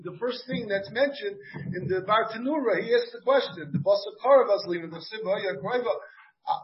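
A man with an American accent and Yiddish-Hebrew pronunciation teaches a Talmud class, thinking aloud and asking his students questions. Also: sits high. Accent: American English with Yiddish-Hebrew pronunciation. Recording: dull, muffled class recording.

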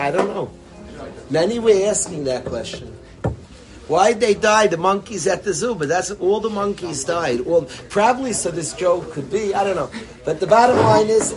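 A man telling a joke and drawing a lesson from it, in a lively, rambling way and sprinkling in Yiddish words. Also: high voice. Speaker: storyteller and speaker. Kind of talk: animated storytelling talk with a lesson.

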